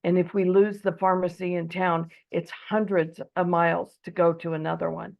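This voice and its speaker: Husky-voiced woman from Eastern Oregon. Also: lowish voice, level tone, moderate pace, lo-fi sound. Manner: earnest, with frequent ums. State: losing her voice. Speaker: debate speaker. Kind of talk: prepared debate speech.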